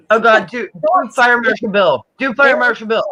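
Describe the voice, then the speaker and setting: Excitable man with a very high voice. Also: no room sound, poor audio. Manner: excitable and profane, jokes loudly. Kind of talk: casual chat.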